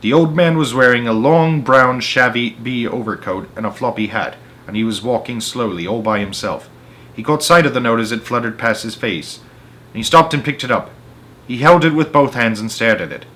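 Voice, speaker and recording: A man reading a children's book aloud, expressive, with small slips and restarts. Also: mid-range voice, normal speed. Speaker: storyteller.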